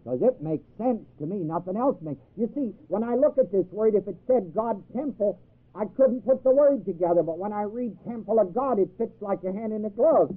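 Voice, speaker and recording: A man's voice: high-pitched, lively intonation, moderate pace. A man teaching a Bible class in a sermon style, emphatic, quizzing his listeners with questions. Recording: tinny phone-like old tape.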